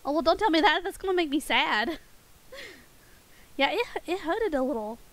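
A woman's voice: high voice, lively intonation, moderate pace, poor audio. A woman streaming a game and chatting playfully with her viewers, giggling often. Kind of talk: casual game stream chat with chat.

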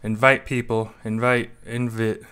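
A man's voice: medium pitch, flat delivery, measured pace, a crowd in the background. A man hosting a live game stream, talking in brash, crude, teasing banter over a headset.

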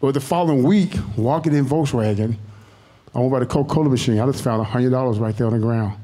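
A man with a warm, mellow voice shares his personal testimony. He tells it in an animated, colloquial way, at a middling pitch. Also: fast. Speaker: congregation member.

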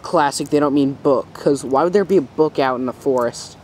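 A woman voicing an excitable player character in a fan-made puppet drama. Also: slight background noise. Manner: excitable, quick shifts in pitch.

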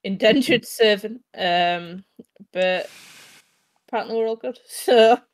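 A woman's voice: mid-range voice, slow pace, no room sound. A woman playing in a tabletop game who chats casually and laughs often. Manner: giggly, chatty. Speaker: player.

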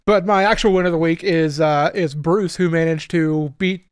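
A man's voice: on the high side, fairly even intonation, normal speed, clean tone, dry recording, clean studio sound. A young man guesting on a casual fantasy football podcast, teasing and trash-talking his friends. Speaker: guest co-host.

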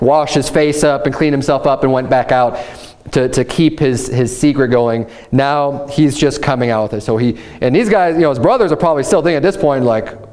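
With a mid-range, slightly mellow voice, this pastor delivers Bible teaching in an easygoing, conversational manner, frequently starting sentences over and filling gaps with "you know."

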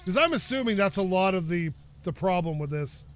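Brisk and lively in intonation, this young man's high voice carries his casual let's-play commentary. The gaming YouTuber narrates what he's playing, mutters to himself, and swears when things frustrate him.

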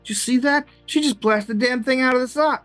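A man voicing a flustered male band manager in a tabletop game, talking in excited, sputtering repeats. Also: on the high side, moderate pace, slightly rough, faint music behind. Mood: amazed.

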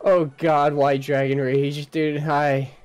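A man's voice: fairly high pitch, level tone, takes it slowly, a little mellow, clear, resonant tone, dry recording, faint music behind. A man chatting casually as a co-op streaming partner, teasing and friendly. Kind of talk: casual gameplay chat.

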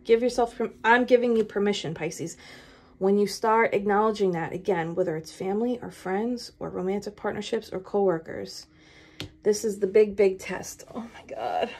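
A woman giving a casual tarot reading, chatty and animated, talking straight to her viewers and laughing often. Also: medium pitch, normal speed. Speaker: tarot reader.

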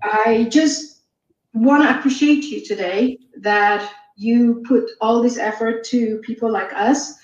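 A woman from Saudi Arabia calls in to a live stream and speaks very slowly and hesitantly, pausing often. Her voice comes through a dull, muffled line, heard from a distance in an echoey room. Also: a little high, fairly even intonation, a little mellow. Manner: hesitant, many ums and restarts.

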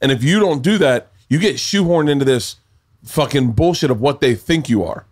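A man from the Southern US hosts a podcast, rambling with enthusiasm and swearing casually. His voice sits at an ordinary middle pitch. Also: lively intonation, normal speed. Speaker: podcast host.

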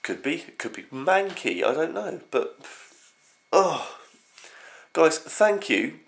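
A young man rambling through a casual early morning vlog at home, his voice groggy and croaky from just getting up. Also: a little high, big pitch swings, slow. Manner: rambling, scattered. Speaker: vlogger.

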